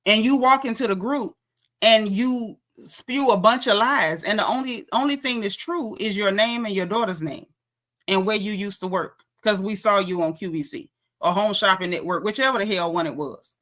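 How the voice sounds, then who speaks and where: A woman's voice: medium pitch, normal speed, fairly bright tone. A woman giving a sassy, slangy recap of a reality show episode, gossiping and calling out the cast.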